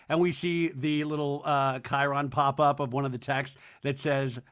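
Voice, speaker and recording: A man hosting a podcast, recapping a reality TV episode with sarcastic, animated commentary and putting on voices for quotes. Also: medium pitch, fairly quick, hardly any pauses. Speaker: podcast host. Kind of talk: comedic TV recap.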